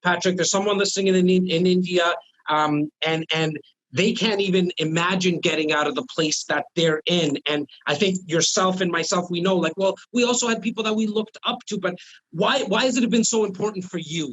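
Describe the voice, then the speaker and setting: Host, male; fairly high voice, casual and admiring interviewer. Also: a little fast, a bit bright, lo-fi sound. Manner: admiring, chatty, with fillers. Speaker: podcast host.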